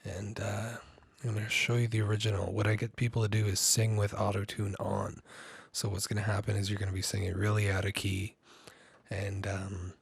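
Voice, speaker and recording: A man with a husky, gravelly low voice talks through a music production tutorial in a loose, rambling way. His delivery stays fairly flat, and the recording is dry and close with no room sound. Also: brisk, no room sound. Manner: relaxed, rambling, frequent ums and likes. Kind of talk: casual screen-recorded tutorial.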